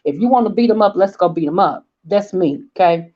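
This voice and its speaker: Southern woman, forties, vlog host, animated storyteller, dull lo-fi sound. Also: medium pitch, fairly quick, hardly any pauses. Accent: Southern American. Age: 40s. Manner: animated storyteller, acts out quoted voices, checks in with "okay?". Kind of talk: casual storytelling chat.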